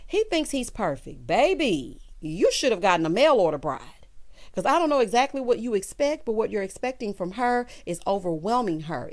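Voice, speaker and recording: A woman hosting a casual reality-show recap, talking sassily and straight to her viewers, with big jumps in pitch for emphasis. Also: normal speed. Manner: sassy, animated, talks straight to the viewers. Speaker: TV recap host.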